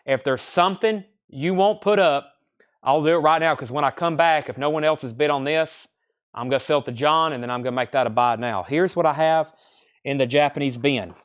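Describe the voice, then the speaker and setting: A man with a slightly high voice hosts a live online record sale. He rattles off album titles, condition grades and prices in quick seller's patter, like an auctioneer working his stock. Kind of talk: live online sales stream.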